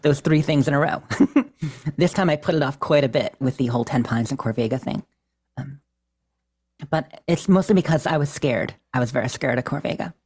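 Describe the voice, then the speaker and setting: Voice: medium pitch, a little fast, a little mellow, slightly rough. A podcast co-host casually recapping a game playthrough, chatty and self-deprecating, often laughing.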